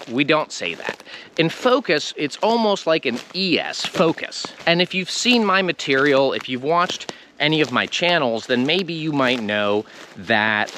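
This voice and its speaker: An American man teaching English pronunciation to camera, explaining slowly and stretching out the sounds he demonstrates. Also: mid-range voice, sharp tone, a little hiss or hum. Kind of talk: online language lesson.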